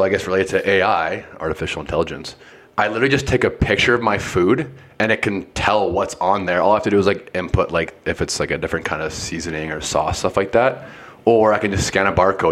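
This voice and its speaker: A man's voice: sits low, a bit bright. A young man co-hosting a casual podcast chat with friends, laid-back and rambling, swearing freely. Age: young adult. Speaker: podcast co-host.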